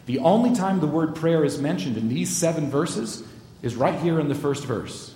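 A man's voice: expressive, normal speed, dark tone. Man preaching in an echoey hall. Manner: expository Bible teaching, addresses congregation directly. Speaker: pastor. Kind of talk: sermon. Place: church sanctuary. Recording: echoey hall with long reverb, faint rumble.

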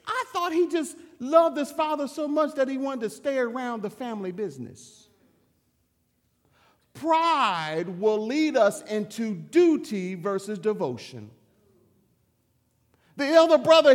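A man preaching a sermon in a church, animated and humorous, chuckling through personal stories. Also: very high voice, moderate pace, in a large hall.

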